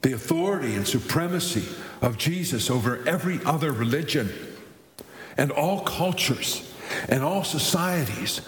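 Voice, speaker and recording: A man's voice: fairly high pitch, expressive, moderate pace, slight background noise. A male pastor preaching a sermon, often restarting his phrases, then building to emphatic lists. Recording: echoey hall with long reverb.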